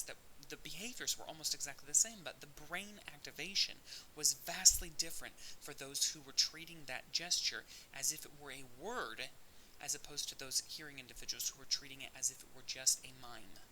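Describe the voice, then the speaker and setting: A man's voice: on the high side, fairly quick, pushed and bright, low-quality recording. A man recording an audio lecture, explaining step by step with occasional restarts. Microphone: audio-only recording. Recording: faint hiss.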